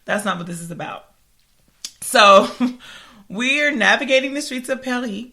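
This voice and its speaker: A woman in her thirties co-hosts a casual chat podcast, animatedly telling a story and laughing often. Her voice is fairly high and unhurried.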